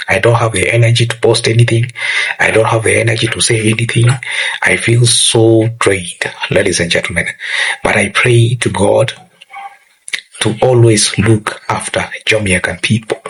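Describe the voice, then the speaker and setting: A man hosting a reaction channel, talking earnestly and emotionally, with a very husky voice and a repetitive, direct way of addressing his viewers. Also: fairly low pitch, steady tone, moderate pace, a bit bright, rough recording. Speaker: channel host reacting to clips.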